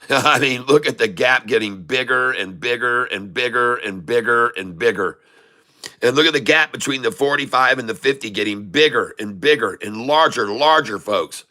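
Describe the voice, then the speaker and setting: Excitable folksy day trader, bright voice. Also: male voice, mid-range voice, moderate pace. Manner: excitable and folksy, repeating phrases for emphasis. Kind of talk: live trading commentary.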